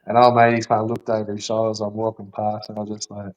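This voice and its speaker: A man's voice: lowish voice, completely flat delivery, quick pace, a little mellow, highs cut off. A man telling a rambling, swear-filled story in casual chat, with lots of fillers.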